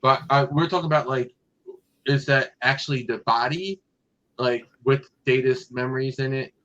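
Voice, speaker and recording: Casual male podcast host, mid-pitched, rambling delivery, slightly muffled lo-fi audio. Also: normal speed, a bit bright. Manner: rambling, many fillers and restarts. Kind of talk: casual fan chat.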